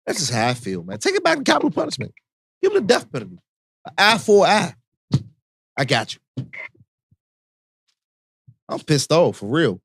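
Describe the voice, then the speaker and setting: High, lively-voiced radio host. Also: male voice, normal speed, vocal fry, long pauses, breathy edge, no room sound, clean studio sound. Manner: animated, preachy, conversational with slang. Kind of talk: casual radio talk.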